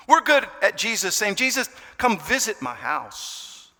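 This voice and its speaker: A man in his sixties preaching a sermon as pastor, swinging between hushed and loud delivery. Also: high-pitched, big pitch swings, normal speed, hardly any pauses. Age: 60s. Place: church. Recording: reverberant church hall with music.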